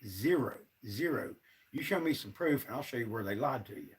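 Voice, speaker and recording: A man's voice: medium pitch, expressive, fast, distant mic, slight background noise. A man, ranting to his viewers on a casual livestream, sounding frustrated and fed up. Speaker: livestream host.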